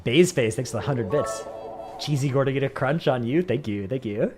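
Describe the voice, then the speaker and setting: Over music, a man with a Northern Californian accent from the San Francisco Bay Area chats casually with his livestream viewers. His mid-range voice is expressive and moves at a moderate pace. He rambles and says "like" a lot.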